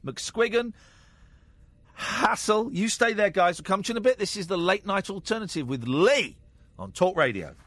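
A man's voice: sits high, expressive, normal speed, fairly bright tone, dry recording. A man hosting a late-night radio phone-in, joking with callers, full of restarts and mock voices. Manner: jokey, slips into mock advert voices and accents, many restarts. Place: radio studio. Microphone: studio microphone.

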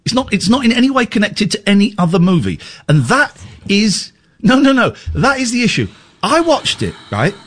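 An English radio host in mock outrage, his voice swinging wildly up and down as he rants. He sits a little higher than most men, and he trips over restarts as he piles on the teasing. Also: moderate pace. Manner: animated, mock-outraged ranting with stammered restarts. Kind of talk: lively radio banter.

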